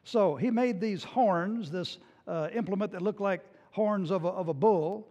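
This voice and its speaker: High-voiced man preaching in a reverberant church. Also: fairly quick, hardly any pauses, a little mellow. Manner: storytelling preacher who acts out scripture scenes. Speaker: pastor. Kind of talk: sermon. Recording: long hall reverb.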